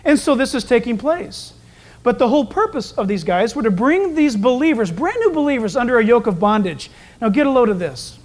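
Man, pastor, verse-by-verse sermon, animated and emphatic, high-pitched voice. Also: brisk. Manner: animated, emphatic storytelling that acts out quoted voices. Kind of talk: expository sermon.

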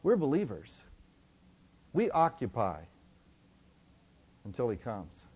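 A middle-aged man preaching a sermon, telling stories and swinging from loud to hushed. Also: mid-range voice, wildly swooping pitch, takes it slowly, husky. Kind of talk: sermon storytelling.

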